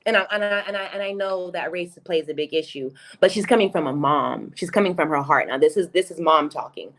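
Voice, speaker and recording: A woman with a slightly low voice speaks as a guest over a video call. She is earnest and talks in halting bursts, often stammering and restarting mid-thought. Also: fairly bright tone. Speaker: guest, singer-songwriter and project creator. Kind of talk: casual video call conversation.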